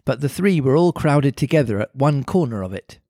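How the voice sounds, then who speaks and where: A man's voice: medium pitch, animated, fairly quick, warm tone, no echo, studio quality. A man co-hosting a book podcast, steadily reading a classic story aloud between chats. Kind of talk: book-club chat and read-aloud.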